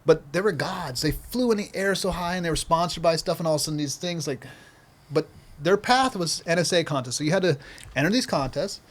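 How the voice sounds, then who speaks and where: Excitable man telling a story, fairly high voice. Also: fairly quick. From Minnesota, USA. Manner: excitable, repeats himself, acts out scenes. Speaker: podcast guest, skateboarder. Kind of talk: animated storytelling in casual conversation.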